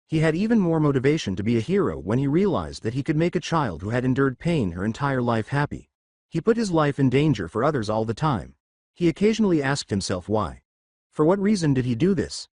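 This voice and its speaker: A man narrating a fan fiction story, reading at an even storytelling pace. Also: medium pitch, a little fast, no room sound, studio quality.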